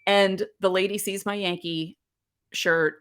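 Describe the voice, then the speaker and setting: A woman's voice: mid-range voice, fairly even intonation, measured pace, fairly bright tone, clear, resonant tone. A woman in her thirties hosting a podcast, telling a nostalgic story in a chatty way with lots of asides. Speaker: podcast host. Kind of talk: casual solo podcast talk.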